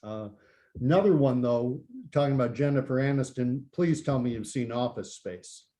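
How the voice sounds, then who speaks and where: A man's voice: mid-range voice, moderate pace. A male podcast guest in casual chat, eagerly retelling movie plots and recommending films. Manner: enthusiastic storyteller, gets excited recommending things.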